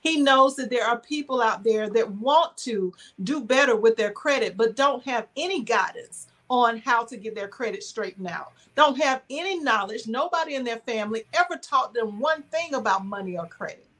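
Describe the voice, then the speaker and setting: A woman organizing an event, giving an earnest, measured, sermon-like faith-based speech on a podcast. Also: on the high side, animated, a bit bright.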